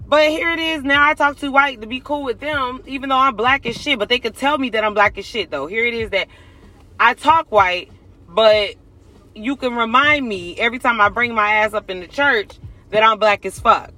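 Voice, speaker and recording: High, bright-voiced man ranting bluntly. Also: moderate pace. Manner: blunt, profane and emphatic, addressing viewers directly. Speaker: vlogger. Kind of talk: casual confessional monologue.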